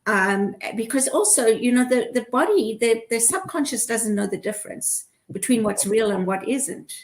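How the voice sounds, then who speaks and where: Encouraging, higher-voiced woman host. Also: expressive, moderate pace. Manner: affirming, encouraging listener. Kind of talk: casual chat. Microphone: video call.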